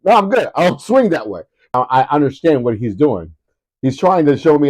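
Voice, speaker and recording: A man's voice: a little high, moderate pace. A man in his thirties co-hosting a casual comedy podcast, telling stories and acting out the people in them. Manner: animated storytelling, acts out voices. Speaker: podcast co-host.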